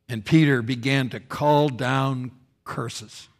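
A man preaching a sermon, swinging between loud dramatic quotes and quiet, solemn passages. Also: medium pitch, takes it slowly, gravelly. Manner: expressive preaching, rising loud for quoted speech and dropping soft for solemn lines. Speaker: pastor.

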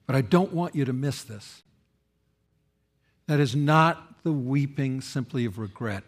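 A man preaching a sermon, swinging between loud dramatic quotes and quiet, solemn passages. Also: medium pitch, unhurried, pauses often. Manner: expressive preaching, rising loud for quoted speech and dropping soft for solemn lines. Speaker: pastor.

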